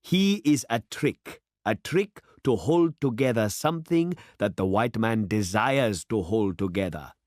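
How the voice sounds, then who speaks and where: A man's voice: lowish voice, animated, a little slow, hardly any pauses, a little mellow, dry recording. A man voicing a worldly, boastful middle-aged city man who speechifies with rising fervor, in a dry, close storybook reading. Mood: fervent. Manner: expansive, speechifying, rising to oratory.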